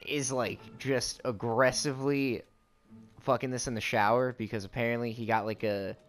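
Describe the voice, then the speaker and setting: While playing a game with friends, a young let's play co-host tells a rambling story packed with fillers and swearing. His medium-pitched voice is fairly even at a normal speed, with game music faintly behind.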